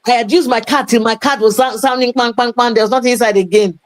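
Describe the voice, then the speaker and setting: A woman's voice: on the high side, steady tone, fast talker, no echo, rough recording. A woman, an interview guest telling her story in casual talk, dropping Yoruba phrases into English. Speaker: interview guest, playwright and promoter.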